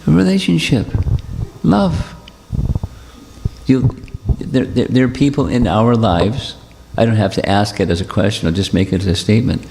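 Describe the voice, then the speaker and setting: A man giving a devotional talk and answering questions, speaking in a gentle, repetitive, reassuring way. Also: lowish voice, moderate pace, creaky, slight background noise. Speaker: spiritual teacher. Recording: long hall reverb.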